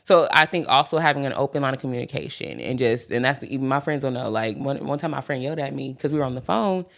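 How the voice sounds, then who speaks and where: A woman's voice: a bass voice, fast talker, gravelly. A woman in her thirties co-hosting a podcast, chatting casually and rambling with lots of fillers. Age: 30s. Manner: animated storyteller who acts out quotes. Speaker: podcast co-host. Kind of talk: casual chat.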